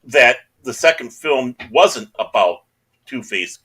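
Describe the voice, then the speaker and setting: A man's voice: mid-range voice, animated, takes it slowly, a bit bright, slightly rough. A man on a podcast giving opinions in casual chat, with jokey asides. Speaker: podcast co-host.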